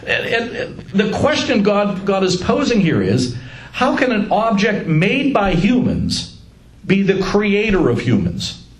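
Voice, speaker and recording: Animated man leading a Bible study. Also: high-pitched, a little slow. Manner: joking, animated, laughs at own lines. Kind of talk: casual Bible study teaching. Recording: echoey room with faint ambience.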